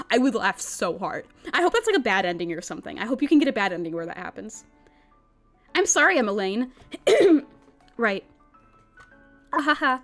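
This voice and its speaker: A young woman streams a visual novel, voicing its characters and chatting about them in a bubbly, giggly way. Her voice sits high and swoops all over the place, with soft music playing underneath. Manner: bubbly, giggly, animated line reading.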